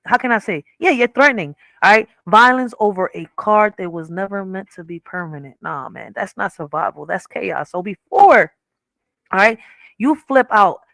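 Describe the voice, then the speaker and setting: A woman hosts a reaction stream, ranting casually in a blunt, profane way and checking in with her audience often by repeating "all right?" Her voice is medium-pitched and a bit bright, and the recording is dry and rough.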